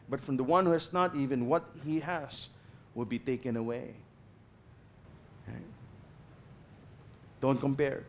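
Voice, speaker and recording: Preaching as a visiting pastor, this Filipino-accented man speaks at a measured pace in a medium pitch, leaving long pauses. His passion shows as he moves between forceful emphasis and soft asides, dropping in bits of Tagalog.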